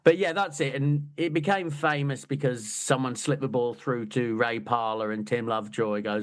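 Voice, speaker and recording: A man's voice: mid-range voice, fairly even intonation, moderate pace, few pauses. A man co-hosting a podcast, chatting casually about a football book with a wry, joking manner. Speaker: podcast co-host. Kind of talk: casual chat.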